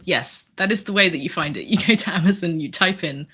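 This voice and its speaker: Low-voiced woman chatting on a livestream. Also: fairly quick, hardly any pauses, a bit bright, husky. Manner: hesitant, many ums and restarts, reads chat aloud. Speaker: livestream host. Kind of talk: casual livestream chat.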